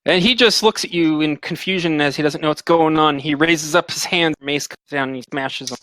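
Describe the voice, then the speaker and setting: Man, dungeon master, slightly high pitch, dry recording, halting narration. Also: fairly bright tone, dry recording. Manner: loose and halting, with many fillers. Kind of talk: narrating a tabletop game.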